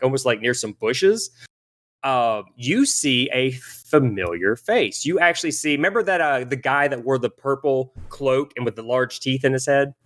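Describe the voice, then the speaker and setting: A man's voice: mid-range voice, a bit bright. Man rambling as game master. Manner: rambling, many restarts and fillers while describing. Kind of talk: narrating a tabletop game.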